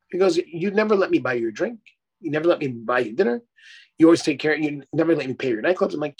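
A man's voice: on the high side, animated, quick pace, breathy edge. A middle-aged man, a life coach, talking effusively and emphatically in a casual interview, swearing casually.

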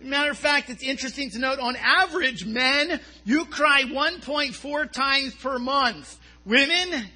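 High, bright-voiced preacher man. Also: unhurried, hardly any pauses. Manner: asks rhetorical questions and answers them himself; stumbles and repeats words. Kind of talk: sermon.

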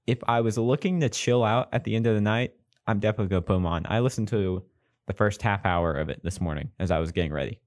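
A young man co-hosting a podcast, chatting casually with quick, teasing asides. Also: fairly low pitch, dry recording, studio quality. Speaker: podcast co-host. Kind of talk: casual chat.

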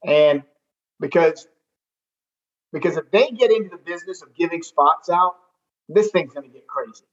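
A high-pitched man with a drawl tells a rambling, animated story, often restarting his sentences. The recording sounds dull and lo-fi, like a muffled podcast feed. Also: normal speed. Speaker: golf tournament director. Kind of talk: casual storytelling interview.

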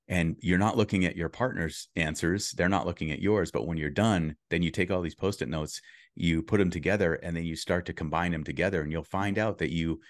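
A man's voice: low voice, no echo, clean studio sound. A man as a podcast guest, talking through advice in an earnest coaching tone with frequent restarts. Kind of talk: casual interview chat.

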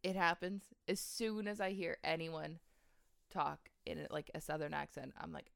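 Gravelly-voiced young woman, dry sound. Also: low-pitched, fairly even intonation, normal speed, dry recording. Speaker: podcast co-host. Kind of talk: casual chat.

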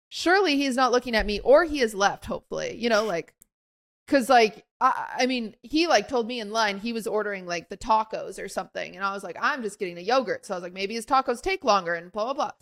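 A woman's voice: a little high, fairly bright tone. A young woman co-hosting a podcast, telling a story in a casual chat and acting out quotes with lots of fillers. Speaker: podcast co-host.

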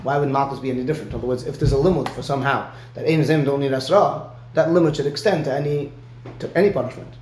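A man's voice: medium pitch, quick pace, a little mellow, echoey room, slight background noise. A man giving a one-on-one Talmud lesson, explaining step by step and often checking in with "right?". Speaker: Talmud teacher.

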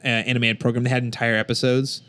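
A man with a medium-pitched voice talks emphatically in a casual group chat, venting his opinions with some energy. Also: little pitch movement, fast talker, fairly bright tone. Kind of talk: casual chat about cartoons.

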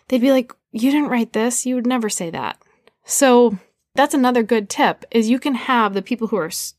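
A woman's voice: mid-range voice, no room sound. A woman talks straight into the mic as the host of her own podcast, coaching listeners in an easy, chatty way. She leans on "like" and keeps the tone light and upbeat. The sound is dry and close, with no room around her. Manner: conversational, frequent "like", upbeat coaching tone. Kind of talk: casual solo podcast advice.

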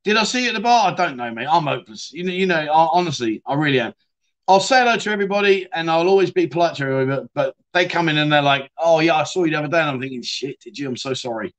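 A man's voice: on the high side, expressive, very fast, a bit bright. A man hosting a casual livestream, reading out viewer comments and chatting back with frequent "mate" and the odd swear word. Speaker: livestream host.

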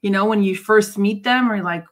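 A woman's voice: medium pitch, normal speed. A woman co-hosting a casual faith podcast, chiming in supportively with her own examples. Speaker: podcast co-host.

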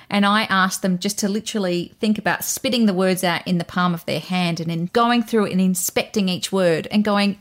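A woman hosting a casual podcast conversation, also a coach, chatting with good humour and laughing easily. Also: lowish voice.

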